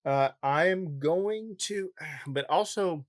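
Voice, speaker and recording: A man's voice: on the high side, extremely slow, dry recording, clean studio sound. A man co-hosting a podcast in casual chat, joking and rambling through his thoughts. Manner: jokey, rambling. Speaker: podcast co-host.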